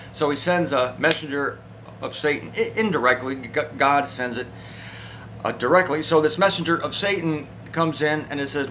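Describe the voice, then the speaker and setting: A man giving an informal, animated Bible talk, conversational and playful, acting out voices as he goes. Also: fairly high pitch, normal speed, a little hiss or hum, rough recording. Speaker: Bible teacher.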